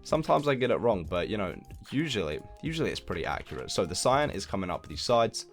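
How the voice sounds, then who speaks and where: A young man with a deep, low voice walks through a building game tutorial in a relaxed, chatty way. He counts blocks aloud and makes light fun of his own skills, with soft music playing faintly under his voice. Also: quick pace. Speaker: Minecraft building tutorial host. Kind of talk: casual gameplay tutorial commentary.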